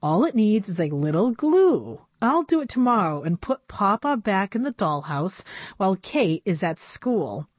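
A fussy old grandmother from a storybook, unhurried and chiding, her voice lilting. A woman reader puts her on. Close, dry sound. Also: medium pitch, big pitch swings, no echo. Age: older.

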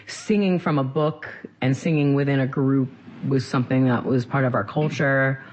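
A man from central Massachusetts, a singer being interviewed, talking casually in quick rambling bursts full of restarts. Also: mid-range voice, steady tone, dull audio, slight background noise.

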